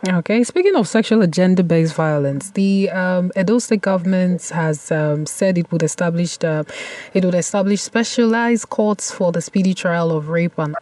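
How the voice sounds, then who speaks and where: A woman hosting a radio talk show in a studio, measured with filler pauses. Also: lowish voice, warm tone, no room sound. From Nigeria. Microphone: studio mic.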